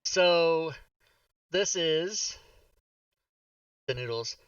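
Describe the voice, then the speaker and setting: A man's voice: a little high, animated, extremely slow, fairly bright tone, smooth, no room sound, far from the mic, dull audio. A man hosting a casual live stream, blunt and profane, joking with his co-host. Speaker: streamer and dungeon master.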